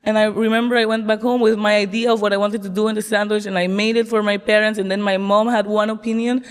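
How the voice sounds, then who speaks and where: A woman from Peru, a chef guest in an interview, telling stories in a lively way and laughing often. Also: mid-range voice, quick pace, clean tone, big-room sound. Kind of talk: casual interview storytelling.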